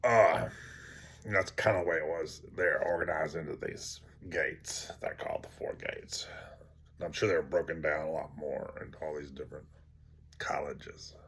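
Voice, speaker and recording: A man's voice: rumbling low, normal speed, fairly bright tone, husky. A man teaching by telling a story in a rambling way with many fillers, sometimes dropping to a near-whisper. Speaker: teacher of tantric practice.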